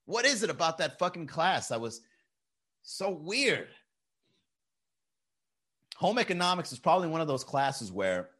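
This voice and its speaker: Young man, casual streamer; animated pitch, bright tone, profane and jokey. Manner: loose, profane storytelling with frequent laughs. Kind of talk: casual live-stream chat.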